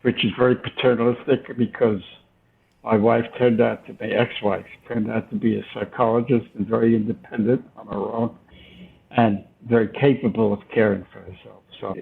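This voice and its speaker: An older American man, a guest in an interview, thoughtfully recalls his past with hesitant restarts. His creaky, low-ish voice is flat and moderately paced, and the sound is tinny, like a phone line.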